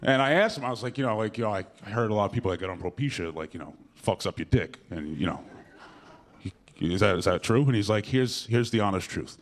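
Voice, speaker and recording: A man's voice: on the low side, expressive, fast. A young man performing a stand-up comedy set in a comedy club, rambling and profane with lots of fillers and self-mockery. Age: young adult.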